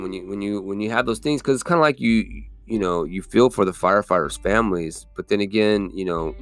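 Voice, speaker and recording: A man hosting a solo podcast, talking casually in a rambling, profane, conversational way with lots of fillers. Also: fairly low pitch. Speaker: podcast host. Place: California.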